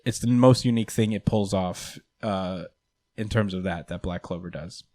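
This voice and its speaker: A man's voice: sits low, moderate pace, darkish tone, no room sound, studio quality. Rambling young man hosting a podcast. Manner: rambling, hedging with fillers. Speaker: podcast host. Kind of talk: casual chat.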